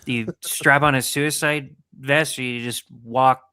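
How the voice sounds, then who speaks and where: A man's voice: medium pitch, fairly even intonation, unhurried, bright, forceful tone, smooth, dry recording. A man in a casual podcast chat, talking sarcastically and laughing often.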